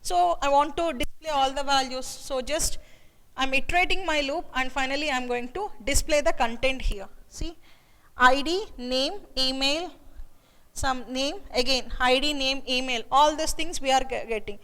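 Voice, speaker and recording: High-voiced woman teaching code. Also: moderate pace, a bit bright, big-room sound. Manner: repetitive, explains step by step with filler "okay" and "see here". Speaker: programming teacher. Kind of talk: screen-recorded coding lesson.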